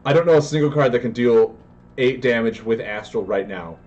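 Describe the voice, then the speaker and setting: A man commentating his own card game live, excitable and prone to yelling and tangents. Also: medium pitch, brisk, dull audio, slight background noise. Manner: excitable, yells in bursts, goes on tangents.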